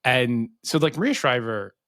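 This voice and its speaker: A man's voice: medium pitch, moderate pace, a bit bright, no echo, studio quality. A middle-aged American man co-hosting a podcast, rambling in casual chat and swearing freely. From United States. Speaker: podcast co-host.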